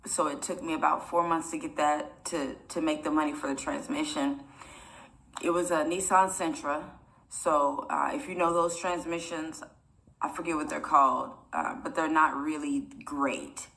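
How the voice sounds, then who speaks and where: A woman's voice: sits low, steady tone, normal speed, a bit bright. A young woman vlogger telling a personal story to her viewers in a rambling, chatty way, often close to tears. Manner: emotional, near tears.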